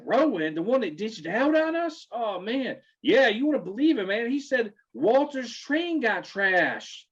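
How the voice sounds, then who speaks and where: A man's voice: extremely high pitch, big pitch swings, unhurried, few pauses, breathy edge, voice pushed up, heavily acted. A man voicing a laid-back, crude young frat-bro cultist who drawls surfer slang, recorded on dull lo-fi audio. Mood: whiny.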